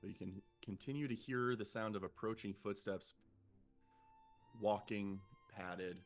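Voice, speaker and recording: Low-voiced man narrating as game master. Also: steady tone, soft background music. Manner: descriptive, measured scene-setting with fillers.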